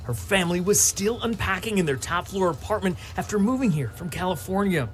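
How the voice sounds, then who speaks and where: A man reading a local TV news report in a measured, formal delivery. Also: high-pitched, animated, heavy background noise.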